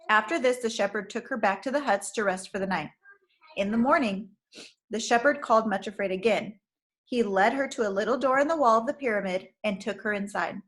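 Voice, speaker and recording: A woman, a teacher, reading a chapter book aloud in a clear, careful manner. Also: medium pitch, fairly bright tone, low-quality recording.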